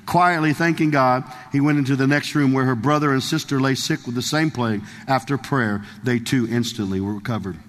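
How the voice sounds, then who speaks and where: A man's voice: medium pitch, a little fast, hardly any pauses. Man preaching in an echoing hall. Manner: earnest, emphatic storytelling. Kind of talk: sermon, reading a story aloud.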